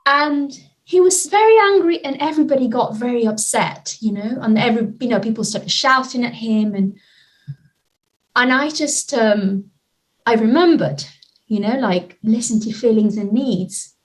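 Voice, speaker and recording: A woman in a casual interview, telling a personal story with lots of fillers and lively retellings. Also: fairly high pitch, moderate pace, rough recording. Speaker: guest, nonviolent communication trainer.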